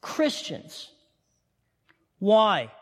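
A man preaching a sermon to his congregation, animated and firing questions at them. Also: high-pitched, extremely slow. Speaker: pastor. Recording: long hall reverb.

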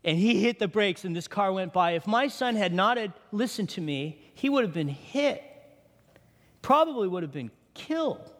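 A man's voice: high voice, expressive, normal speed, fairly bright tone. A middle-aged male pastor preaching a sermon in a conversational way, often putting questions to the congregation. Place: church sanctuary. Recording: long hall reverb.

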